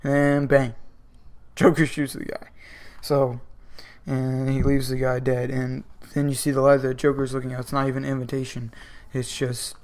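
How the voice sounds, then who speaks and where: Man, mid pitch, casual comics reviewer, rambles with lots of "um" and "like". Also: monotone, moderate pace, darkish tone. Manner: rambling, filler-heavy. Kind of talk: casual video commentary.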